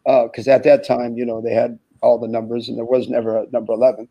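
A man's voice: mid-range voice, quick pace, creaky, dull audio. A man in his sixties, a former college basketball player, telling stories in an interview and acting out the dialogue with laughter. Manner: animated storyteller who acts out quoted dialogue and laughs often. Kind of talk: anecdotal storytelling in an interview.

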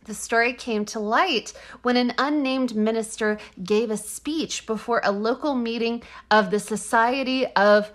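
A woman's voice: on the high side, a little slow, few pauses. A woman co-hosting a podcast, chatting casually and reading an article aloud, laughing often and swearing now and then. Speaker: podcast co-host.

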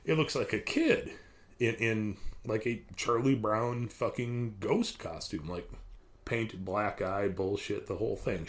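A man casually telling a spooky story on a podcast, rambling and profane, often restarting his sentences. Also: lowish voice.

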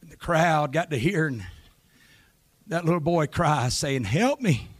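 A man preaching a revival sermon, telling a story and then shouting fervent exhortations to the congregation. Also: fairly high pitch, measured pace, no echo. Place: church revival meeting.

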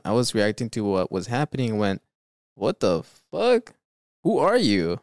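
A man's voice: on the low side, darkish tone, clear, resonant tone, no echo, studio quality. A man hosting a podcast, chatting casually with lots of fillers and laughs, then reading stories aloud. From California. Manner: laughs often, rambling with fillers. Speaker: podcast host.

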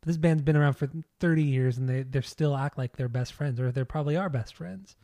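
A man's voice: mid-range voice, a little fast, mellow, no room sound. A man co-hosting a music podcast in casual chat, blunt and opinionated, swearing freely. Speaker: podcast co-host.

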